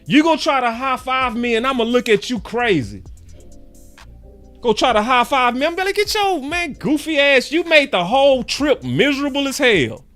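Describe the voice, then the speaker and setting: A man's voice: very high-pitched, very animated, moderate pace, fairly bright tone, faint music behind. A man in his forties, a sports fan commentator, giving a passionate and repetitive rant to camera with preachy emphasis.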